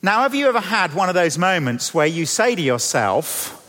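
A man, a vicar, preaching a sermon and telling the story with lively acted-out voices. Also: high voice, normal speed, hardly any pauses, long reverb tail.

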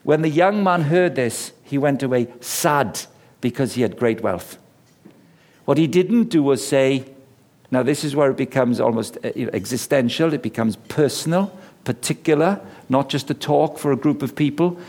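A man's voice: mid-range voice, expressive, normal speed, darkish tone. A middle-aged man preaching a sermon, telling stories, acting out the voices he quotes and driving points home with repetition. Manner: storytelling, acts out quoted voices, emphatic repetition.

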